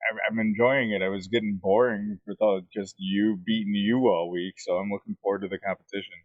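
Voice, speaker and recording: A man co-hosting a sports podcast, laid-back and joking, often pausing with "uh". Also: on the low side, fairly even intonation, no room sound. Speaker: podcast co-host. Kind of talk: casual sports chat. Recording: dry, dull lo-fi sound.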